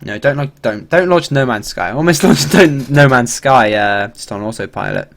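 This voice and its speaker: A male game streamer talks casually over his gameplay in a mid-pitched voice that bounces up and down a lot. He rambles loosely and swears freely as he goes. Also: big pitch swings, moderate pace, gravelly. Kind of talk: casual livestream commentary.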